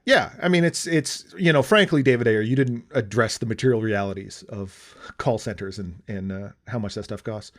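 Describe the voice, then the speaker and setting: A man's voice: on the low side, normal speed, few pauses. A man co-hosting a podcast, chatting casually about a movie with lots of fillers and restarts. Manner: rambling, many fillers, swearing asides. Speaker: podcast co-host. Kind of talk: casual movie review chat.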